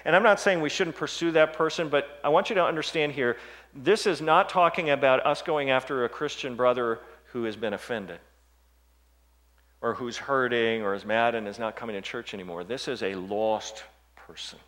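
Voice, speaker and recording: Preaching at an ordinary pace, this male pastor alternates between quiet, low stretches and forceful, loud scripture reading. A long reverb from the hall surrounds his voice.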